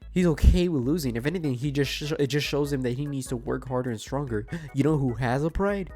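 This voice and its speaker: A man's voice: on the high side, darkish tone. A sick man with a stuffed nose gives a profane, exasperated gaming rant and keeps asking rhetorical questions. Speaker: gaming commentator. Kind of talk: ranting reaction commentary.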